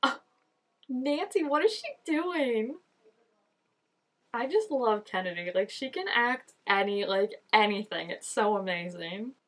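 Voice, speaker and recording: A woman's voice: mid-range voice, expressive, unhurried, a bit bright. A woman reacting to a TV episode in casual commentary, exclaiming, gasping and laughing often at the screen. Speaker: TV show reactor.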